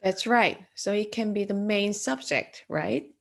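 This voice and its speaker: A woman lecturing as an art teacher in a classroom, slow and hesitant, with frequent fillers and throat clearing. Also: mid-range voice, a little hiss or hum.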